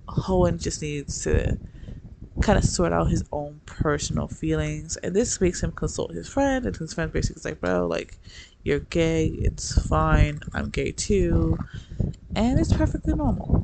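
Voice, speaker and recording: A young adult speaker giving a casual, rambling review with quick asides and laughter. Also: mid-range voice, creaky. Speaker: book reviewer. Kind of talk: casual chat. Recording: loud background noise.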